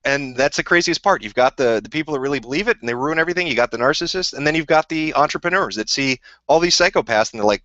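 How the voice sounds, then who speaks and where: A man's voice: fairly high pitch, expressive, fast talker, hardly any pauses, sharp tone, dry recording. A man on a live stream, answering viewer questions in a rambling, profane, combative rant. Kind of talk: casual ranting live stream. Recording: dull lo-fi dry sound.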